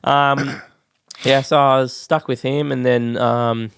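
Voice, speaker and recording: An Australian man in his thirties, a podcast guest casually telling his life story, relaxed, swearing freely and saying "like" a lot. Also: mid-range voice, takes it slowly, clean tone, dry recording, studio quality.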